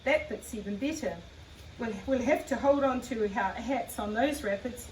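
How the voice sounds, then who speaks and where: A woman's voice: on the high side, normal speed, slight background noise, natural voice. A woman reading the part of a talkative little Scottish farm wife and former nurse, with a light Scottish accent and a homely, chatty manner. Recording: echoey room, far from the mic.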